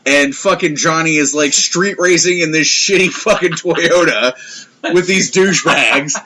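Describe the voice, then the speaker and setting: Dude ranting about a bad movie on a podcast, bright edgy voice, swears constantly. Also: male voice, a little high, unhurried, a little hiss or hum. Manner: profane, rambling, sarcastic. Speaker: podcast co-host. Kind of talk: casual movie review chat.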